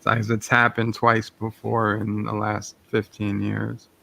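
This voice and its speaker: A man's voice: lowish voice, monotone, slow, gravelly, sharp tone. A man hosting a live stream, chatting casually and joking, slipping into put-on accents. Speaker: streaming show host. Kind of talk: casual chat.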